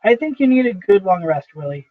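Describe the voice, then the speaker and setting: An impatient young boss cuts people short, curt and dismissive, as a man reads him in a rather high voice. The recording is tinny and phone-like and completely dry. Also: big pitch swings, fairly quick, no room sound.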